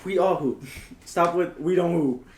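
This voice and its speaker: Brief: young male co-host, slightly high voice, teasing offhand chat, echoey room. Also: unhurried. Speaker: podcast co-host. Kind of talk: casual sports chat.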